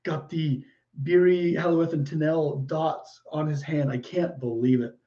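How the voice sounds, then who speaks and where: A mellow, somewhat high-voiced man chats on a livestream at a measured pace and in a steady tone, responding to viewer comments. Easily delighted, he exclaims and laughs a lot, and the stream audio is muffled and lo-fi.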